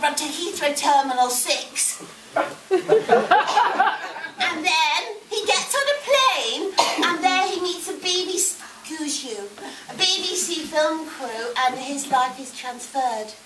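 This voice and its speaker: A woman playing a cheeky, chatty newborn baby girl, telling a rambling story with giggles and constant tangents in a live comedy act. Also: high voice. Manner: giggly, rambling, easily sidetracked. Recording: echoey, distant mic, loud background noise.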